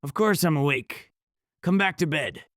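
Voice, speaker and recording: A man's voice: a little slow, no echo, clean studio sound. A man putting on a possessed woman's wrong, coaxing voice. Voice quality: wrong-sounding, too deep, calm and certain. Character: possessed sleeping woman, ancient thing, calm and menacing.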